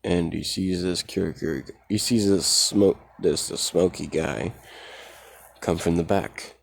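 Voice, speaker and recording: A man's voice: low voice, a little slow, creaky. A man casually retelling a fan story in a rambling, profane way, full of fillers.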